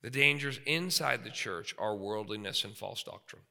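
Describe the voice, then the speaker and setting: Male pastor, 30s, animated sermon delivery, sharp tone, echoing hall. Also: fairly low pitch, normal speed, vocal fry. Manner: animated, shifts between loud and quiet. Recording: long hall reverb.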